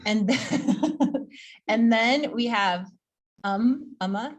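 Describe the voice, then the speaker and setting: A woman teaching Sanskrit pronunciation to a class in a casual, chatty way. She repeats each sound slowly so students can copy it, laughs easily and is upbeat. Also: fairly high pitch. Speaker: yoga teacher training instructor.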